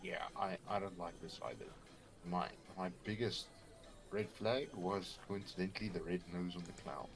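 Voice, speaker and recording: A man's voice: sits low, normal speed, soft background music. A man playing a tabletop game, describing his actions matter-of-factly. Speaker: player.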